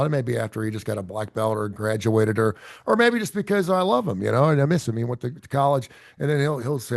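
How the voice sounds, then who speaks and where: A man's voice: medium pitch, brisk, vocal fry, no echo, clean studio sound. A middle-aged man hosting a radio talk show, chatting casually in a rambling, self-deprecating way full of fillers and restarts. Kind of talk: casual chat.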